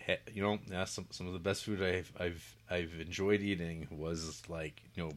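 A man's voice: deep voice, fairly even intonation, moderate pace. A man in casual chat, rambling and swearing, often laughing as he vents. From western Canada.

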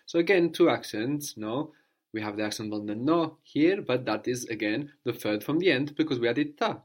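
A man teaching a language lesson, patiently prompting and repeating answers slowly. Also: mid-range voice.

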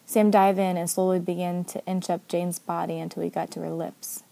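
A woman narrating a story aloud in a steady, even manner. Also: on the low side, a little fast, vocal fry. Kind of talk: story reading.

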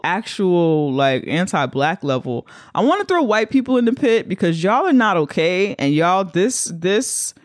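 A woman's voice: medium pitch, no room sound. Woman cohost rambling on emphatically, casual chat, dry close sound. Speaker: podcast co-host.

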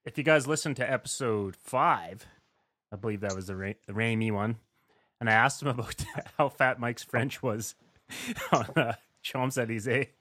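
A man's voice: mid-range voice, normal speed, fairly bright tone. A man co-hosting a podcast in casual chat, jokey, laughing often and swearing. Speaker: podcast co-host.

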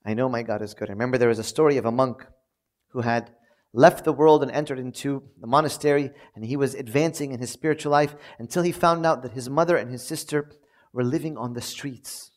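A priest preaching a sermon, telling stories and acting out pleading prayers with lively emphasis. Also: male voice, fairly quick. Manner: animated storytelling, acts out prayers with rising pitch.

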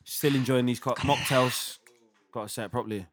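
A man's voice: mid-range voice, steady tone, racing, a little hiss or hum. A British man hosting a podcast, joking with guests and reading a sponsor plug. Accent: British English. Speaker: podcast host. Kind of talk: casual chat.

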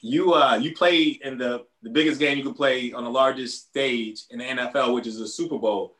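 Interview host in an echoey room. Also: male voice, medium pitch, moderate pace, a bit bright. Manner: laughs along, short prompts. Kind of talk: casual interview questions.

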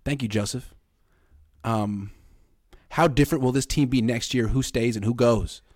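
A man's voice: medium pitch, normal speed, darkish tone. A young adult man hosting a podcast in an easygoing casual way, reading viewer comments aloud. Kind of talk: casual chat.

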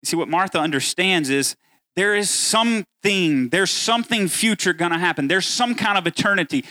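A man's voice: high voice, animated, moderate pace, sharp tone, no room sound. A man preaching a sermon as pastor, earnest and building to emphatic peaks as he voices the words of scripture.

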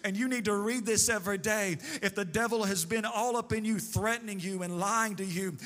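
A man's voice: sits high, brisk, fairly bright tone. A man preaching a sermon at a church service, leading the congregation in call-and-response with rhythmic, repetitive, half-sung phrasing. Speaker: pastor. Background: church band playing.

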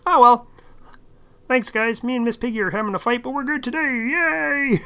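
A man putting on a cheerful, high-voiced frog puppet voice for a quick, upbeat sign-off. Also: gravelly, bright, forceful tone, clean tone, exaggerated voice. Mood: chirpy. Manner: chirpy, upbeat, hurried sign-off.

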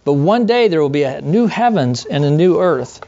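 Brief: middle-aged man, pastor, conversational sermon, rhetorical questions, muffled low-fi church tape. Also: big pitch swings, normal speed, mellow.

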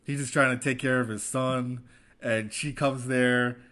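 A man's voice: medium pitch, steady tone, a little slow, pushed and bright. A man in casual chat as a podcast co-host, rambling and chatty. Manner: rambling, chatty, does mocking quoted voices.

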